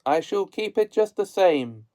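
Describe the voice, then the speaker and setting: A man voicing a cunning, wicked old witch in a storybook reading, in a shrill, raised voice. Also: expressive, measured pace, warm tone, rough recording. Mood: gloating. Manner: high, shrill put-on voice.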